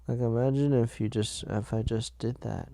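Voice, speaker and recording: A man's voice: mid-range voice, fairly even intonation, normal speed, vocal fry, dark tone, no echo, studio quality. A sleepy man hosting a solo podcast, rambling and making jokes at his own expense. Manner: rambling, jokey, self-mocking. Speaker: podcast host.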